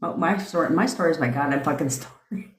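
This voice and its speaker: A woman's voice: deep voice, lively intonation, brisk. A woman hosting a live stream, telling stories in a brash, profane, casual rant. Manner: profane, brash storytelling with frequent laughs. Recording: echoey room.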